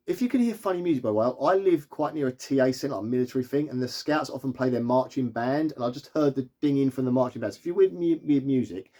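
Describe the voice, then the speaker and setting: Chatty and rambling, another film review comes from a man whose voice is medium-pitched and darkish in tone. He leans heavily on fillers and laughs often.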